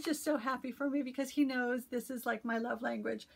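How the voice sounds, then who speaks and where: A woman's voice: a little high, steady tone, fairly quick, vocal fry, few pauses, husky. A middle-aged woman chatting casually in a show-and-tell vlog about stitching gifts, effusive and full of fillers, filmed at home. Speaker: cross-stitch vlogger. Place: at home, in a messy room. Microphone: camera she turns around while talking.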